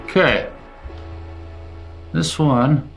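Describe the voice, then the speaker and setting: A man's voice: a little high, drawn-out words, vocal fry. A man hosting a live online guitar jam in a casual, joking way. He laughs often and swears easily. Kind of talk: casual chat. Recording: guitar music playing behind. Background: guitar music.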